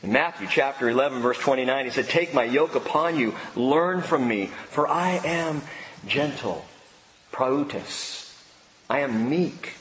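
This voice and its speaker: A man preaching a sermon as pastor, emphatic and shifting to quiet intensity. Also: medium pitch, a little slow, a little hiss or hum. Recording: echoey hall with long reverb.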